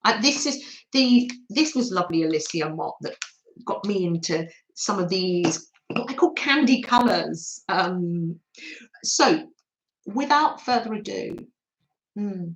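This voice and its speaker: A woman hosting a craft livestream from her dining room table, chatting warmly and reading out names from the chat. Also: mid-range voice, animated, a little slow, echoey room, rough recording. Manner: chatty, affectionate, reads chat names aloud.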